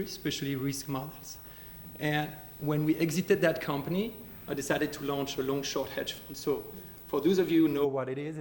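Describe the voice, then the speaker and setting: A middle-aged man with a French accent, hoarse from a lost voice, giving an informal, conversational conference lecture as a guest speaker. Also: medium pitch, slight background noise.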